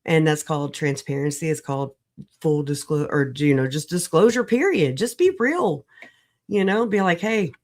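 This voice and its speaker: Woman, casual livestream chat, lowish voice, swears a lot, laughs often, rambling, recovering from illness. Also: expressive, normal speed. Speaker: livestream guest.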